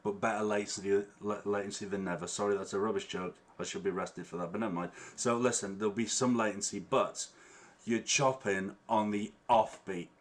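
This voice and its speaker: Chatty harmonica teacher, a man with a lowish voice. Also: fairly even intonation, brisk. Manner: chatty, checks in with frequent "yeah?". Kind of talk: online music workshop. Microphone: online stream with latency. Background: guitar playing.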